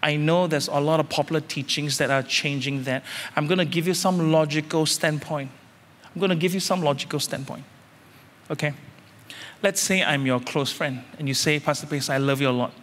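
A man preaching a sermon as senior pastor, emphatic, repeating phrases and climbing suddenly louder. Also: on the high side, steady tone, moderate pace, in a large hall.

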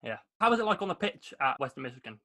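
A man's voice: mid-range voice, sing-song, fast, sharp tone. A man hosts a sports podcast, reading out his scripted intros and long, stat-heavy questions in an upbeat tone. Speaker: podcast host.

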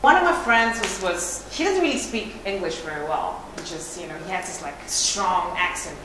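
A woman's voice: on the low side, lively intonation, moderate pace, natural voice. An actress playing a boastful young woman auditioning, chatty and rambling with many fillers. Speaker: audition candidate. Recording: echoey room with background noise.

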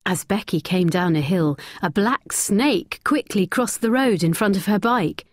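Slow, expressive woman narrating a story. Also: medium pitch, no room sound, studio quality. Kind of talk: graded-reader story narration.

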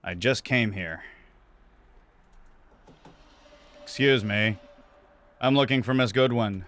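Man doing a low, gloomy young repo man. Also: normal speed, a bit bright, close to an everyday voice. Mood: flat. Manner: low, murmured, subdued. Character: weary young male repo man, regretful. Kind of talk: reading game dialogue aloud.

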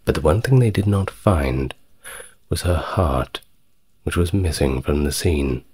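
A man giving a calm, soft-spoken ASMR history narration, measured and steady, with wry conversational asides. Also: a bass voice, slightly rough.

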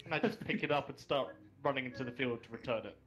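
A man playing a tabletop game, describing his actions in a halting way with many restarts. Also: medium pitch, fairly bright tone. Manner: hesitant, restarts often. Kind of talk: casual tabletop role-play.

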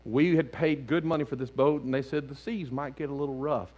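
In a church sanctuary, a man serving as lead pastor delivers an animated sermon, alternating loud outbursts with hushed passages. His mid-range voice moves a little fast, and the recording is muffled.

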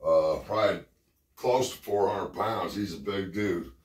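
A man's voice: sits low, measured pace, breathy edge. A middle-aged man telling rambling, profane stories from his past in casual talk, sounding short of breath. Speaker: storyteller. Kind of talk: casual spoken memories.

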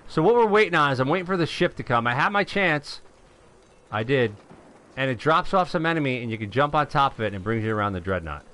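A middle-aged man from New York talks his viewers through a game live, his pitch leaping all over the place as he gets excited. His voice is bright and forceful, and he breaks into shouts at his wins. It sounds like a desk mic at a home gaming setup. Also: quick pace. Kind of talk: live gameplay commentary.

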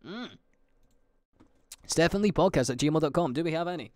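A man's voice: animated, moderate pace, long pauses, a little mellow, no room sound. Scottish man rambling on a dry podcast mic. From Scotland. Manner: chatty and swearing, trailing off into fillers; jumps to high mock voices when quoting people. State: drinking gin while talking. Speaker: podcast host and livestreamer.

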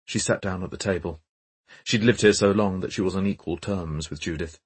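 A man narrating a mystery audiobook in first person, measured and observant. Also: sits low, breathy edge. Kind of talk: scripted narration.

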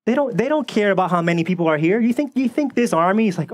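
A man preaching a sermon as the pastor, animated and sarcastic, often repeating words as he builds up. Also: high voice, quick pace.

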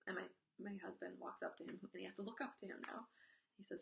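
A woman in her forties coaching parents on a live stream, her voice bright and edged with a gravelly fry. She talks nonstop and bluntly, swearing casually and telling stories from her own home life. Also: mid-range voice, fast talker. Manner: candid and blunt, swears freely, tells personal stories; talks nonstop in an animated, emphatic way. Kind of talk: live-stream talk to viewers.

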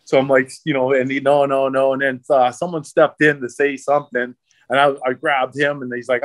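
A man's voice: medium pitch, a little fast, dry recording. A middle-aged man, a former hockey enforcer, telling profane stories in casual chat and acting out what others said. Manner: profane, animated storyteller acting out quotes. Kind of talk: casual storytelling. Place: podcast studio.

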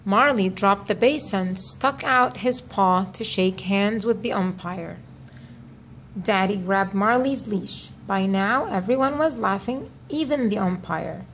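Slow, measured woman storybook narrator. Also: medium pitch, a bit bright, slight background noise. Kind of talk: read-aloud children's story.

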